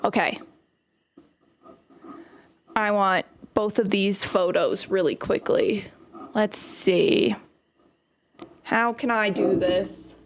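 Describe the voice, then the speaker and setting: A woman's voice: medium pitch, steady tone, drawn-out words, pauses often, a little hiss or hum. A young woman chatting casually and telling stories while she plays a game on stream. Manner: chatty, storytelling while playing. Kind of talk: casual gaming stream chat.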